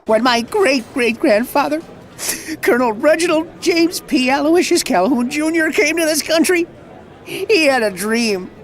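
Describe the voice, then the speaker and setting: An actor with a Southern American accent playing a bombastic, folksy country music promoter who swings from ranting to sheepish. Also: male voice, extremely high pitch, a bit bright, a little hiss or hum. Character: blustering Southern good-old-boy promoter, middle-aged man. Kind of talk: video game voice acting.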